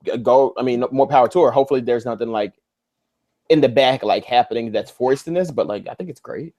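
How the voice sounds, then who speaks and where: A man's voice: mid-range voice, brisk. Laid-back young man, chatty co-host. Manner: relaxed, hedging with "like", laughs a lot. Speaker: podcast co-host. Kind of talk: casual chat.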